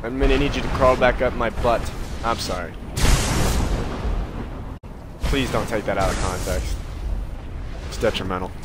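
A man casually commentating his gameplay, excitable and swearing, with jokey asides to his viewers. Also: mid-range voice, a little fast, very noisy. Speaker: streamer playing a game. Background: game music.

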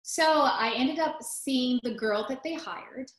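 A woman's voice: sits high, slow pace, echoey room, low-quality recording. A woman actress telling her career story in a casual interview, acting out quotes along the way. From United States. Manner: animated storyteller, acts out quotes, restarts often. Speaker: guest, musical theater actress.

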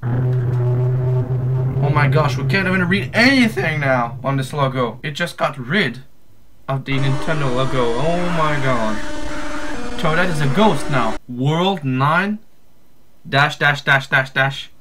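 A man commentating his own horror game play, jumpy and full of exclamations and yells at the scares. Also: a little high, animated, unhurried, noisy background. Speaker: gamer playing a horror fan game. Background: game music.

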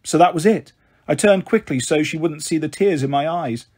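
A man reading a children's novel aloud in a gentle, expressive storyteller manner. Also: a little high, moderate pace, husky.

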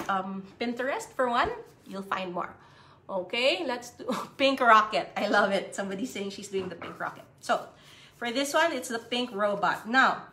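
Filipino woman, preschool art teacher on a live stream, high and crisp, patient kid-friendly delivery. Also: bright, forceful tone, slight background noise. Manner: cheerful, slow, sing-song talk to young kids. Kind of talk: live-streamed craft lesson for children.

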